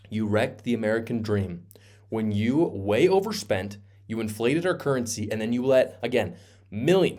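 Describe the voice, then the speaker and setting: A man's voice: mid-range voice, a little mellow. A man giving emphatic, sarcastic opinion commentary as host of his own show. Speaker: political commentator.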